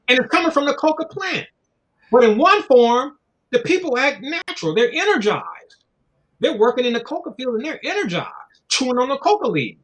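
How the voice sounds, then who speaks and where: A man chats casually in a loose, profane, preachy way, putting on little voices as he goes. His voice is very high-pitched, fairly bright and very animated, at normal speed with long pauses.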